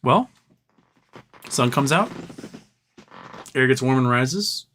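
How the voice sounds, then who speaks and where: A man's voice: mid-range voice, animated, slow, a bit bright, slight background noise. A man hosting a late-night livestream, chatting casually in a rambling, profane way and chuckling at his own jokes. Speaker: livestream host.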